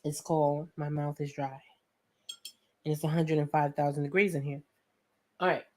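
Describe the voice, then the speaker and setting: A young woman hosting a casual painting tutorial at home, chatty and joking with viewers, often clearing her throat. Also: low-pitched, level tone, normal speed, dark tone, a little hiss or hum. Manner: chatty, joking asides, talks to viewers as friends; frequent laughs and throat clearing. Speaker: art tutorial host. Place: home studio with a fan running.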